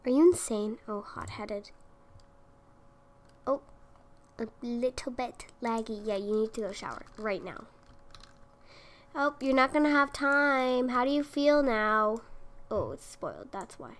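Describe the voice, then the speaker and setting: A young woman creating gaming videos gives casual commentary on her gameplay in an expressive, somewhat high voice, speaking a little slowly with long pauses. She often sounds exasperated and talks directly to the characters on her screen.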